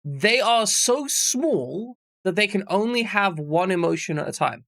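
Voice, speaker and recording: Male streamer, fairly high gravelly voice, dry close mic, rambling jokey chat. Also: lively intonation, a little slow, fairly bright tone, no room sound. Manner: rambling, jokey, swears freely. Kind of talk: casual chat with stream viewers.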